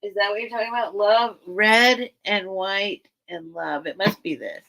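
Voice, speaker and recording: Gravelly, bright-voiced woman chatting on a livestream. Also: mid-range voice, moderate pace. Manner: rambling and earnest, many restarts. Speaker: livestream seller and host. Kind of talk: casual livestream chat with viewers.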